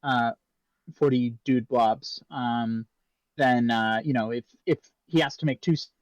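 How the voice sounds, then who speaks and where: A man hosting a podcast, talking casually in a halting way with many restarts and fillers. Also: mid-range voice, fairly even intonation, no echo, dull audio.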